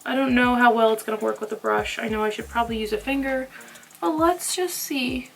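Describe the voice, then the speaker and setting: A young woman chatting casually through a makeup tutorial, playful and sometimes dropping to soft murmurs. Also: a little high, fairly quick, creaky, faint music behind. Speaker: beauty vlogger.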